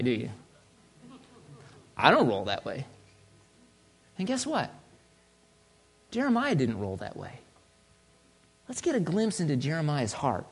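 A male pastor delivering a sermon in a conversational, humorous way. His pitch swoops widely as he talks, and it sits mid-range. He moves between loud, emphatic stretches and quiet, soft ones. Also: breathy edge. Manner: animated, conversational, joking, swings loud and soft.

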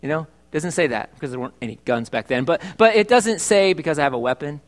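A man's voice: fairly high pitch, lively intonation, fast. A middle-aged male pastor preaching a sermon in church, chatty and joking, asking his congregation questions. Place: church service.

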